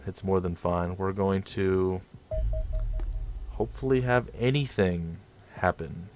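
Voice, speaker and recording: Lowish young guy doing let's play commentary, rambly, stutters a lot, laid back. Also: steady tone, slow pace, a little mellow, lo-fi sound, slight background noise. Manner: rambling, stumbling over words. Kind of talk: casual gameplay commentary.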